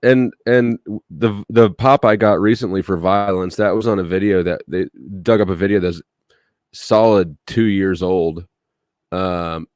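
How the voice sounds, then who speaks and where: A man hosting a casual livestream chat with a guest, talking in a relaxed, rambling way with restarts. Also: deep voice, no echo, clean studio sound. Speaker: livestream host.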